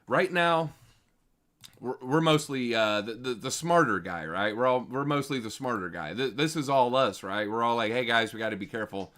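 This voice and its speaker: A man hosting a casual livestream, his voice bright and forward. He talks in slang and reads viewer chat aloud. His delivery swings from low, half-muttered asides to loud, excited outbursts. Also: moderate pace. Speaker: crypto show host.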